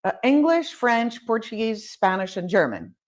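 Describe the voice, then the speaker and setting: A woman in her fifties, a home builder guest on an interview podcast, telling lively stories and laughing often. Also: on the high side, normal speed. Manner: animated storyteller, laughs often. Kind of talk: casual interview chat.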